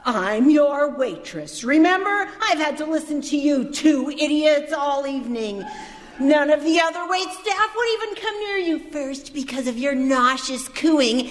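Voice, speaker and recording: An actress playing an exasperated, sarcastic waitress in a comedy sketch. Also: female voice, sits high, in a large hall. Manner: exasperated, scolding. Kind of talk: radio comedy sketch acting.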